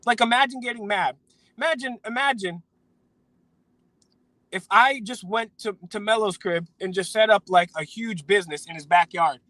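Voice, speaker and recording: High-voiced man ranting on a live stream. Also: normal speed, sharp tone, dry recording, poor audio. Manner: indignant, repetitive, stumbling restarts. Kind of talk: heated political rant on a live stream.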